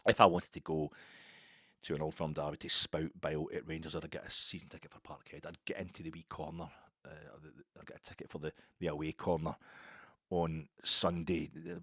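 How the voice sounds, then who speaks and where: A Scottish man delivering a football opinion monologue, ranting passionately and swinging from low, musing stretches to high outbursts. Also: level tone, fairly quick, fairly bright tone, breathy edge, no room sound, clean studio sound. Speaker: football podcaster.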